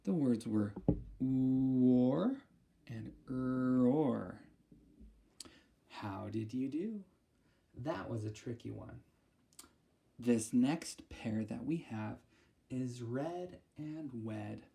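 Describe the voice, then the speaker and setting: A woman speech therapist leading a listening lesson, enunciating each target word slowly and carefully, with a patient, encouraging tone. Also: very deep voice, expressive, vocal fry, dark tone. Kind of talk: auditory discrimination lesson for children.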